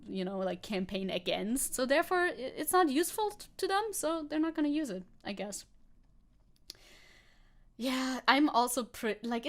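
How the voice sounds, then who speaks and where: A woman streamer giving casual, sarcastic commentary, laughing often and swearing. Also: medium pitch. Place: hot room at home.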